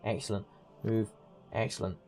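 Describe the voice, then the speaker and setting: A man's voice: fairly low pitch, level tone, moderate pace, a little mellow. A man giving casual, rambling commentary while playing a video game, chatty and easily sidetracked. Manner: chatty, rambling, self-interrupting. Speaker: gaming streamer. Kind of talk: casual let's-play commentary.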